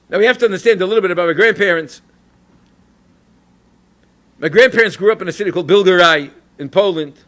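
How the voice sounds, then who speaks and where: Man, rabbi, storytelling talk, animated, high-pitched, bright voice. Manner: animated, anecdotal, Yiddish and Hebrew terms. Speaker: rabbi and educator.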